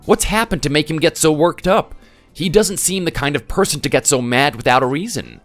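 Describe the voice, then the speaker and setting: A man's voice: on the high side, brisk, a bit bright, soft background music, close to an everyday voice. A man voicing a concerned family man in a voice-acted text story, asking careful questions.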